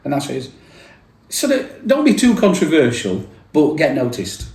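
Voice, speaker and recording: A man, a radio presenter chatting casually in an interview, jokey and quick with asides. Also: a little high, huge pitch swings, a little mellow. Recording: echoey room.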